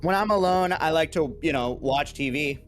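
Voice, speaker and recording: A man's voice: fairly high pitch, moderate pace, soft background music. A man competing as a contestant on a streamed game show, joking at his own expense in casual banter. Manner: self-deprecating, joking.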